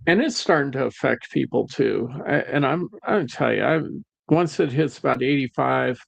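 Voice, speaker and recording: A man co-hosting a casual chat, blunt and gruff, swearing as he talks. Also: mid-range voice, animated, moderate pace, no echo. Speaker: rideshare driver, co-host.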